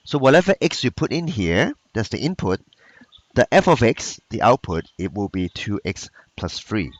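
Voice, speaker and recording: A man's voice: medium pitch, no room sound. A man teaching math in a recorded lesson. He speaks patiently, repeats each key point, and talks in plain phrasing with loose grammar.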